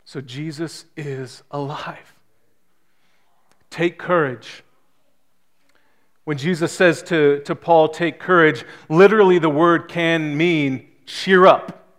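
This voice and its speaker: Male pastor, fairly high voice, emphatic sermon delivery with building intensity. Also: steady tone, slow, pauses often, a bit bright. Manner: emphatic preaching with rising and falling intensity. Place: small church hall.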